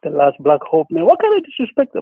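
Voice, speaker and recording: A man's voice: on the high side, huge pitch swings, fast talker, breathy edge, dry recording. A man calling in to a talk show, ranting with a profane, repetitive, worked-up manner. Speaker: caller. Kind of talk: angry phone-in rant. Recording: tinny phone line.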